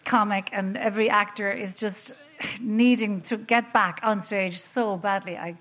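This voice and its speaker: A woman's voice: medium pitch, steady tone, measured pace, a bit bright. Irish woman, middle-aged, comedian guest, chatty, wry, laughing. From Ireland. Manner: chatty, wry, laughs through her stories. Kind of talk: casual chat with storytelling.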